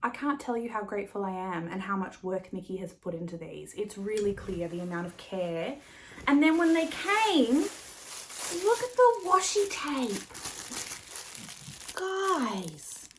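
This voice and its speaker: A woman's voice: mid-range voice, a bit bright, slight background noise. A woman hosting a knitting podcast in a casual, rambling chat, laughing often and swearing now and then. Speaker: podcast host.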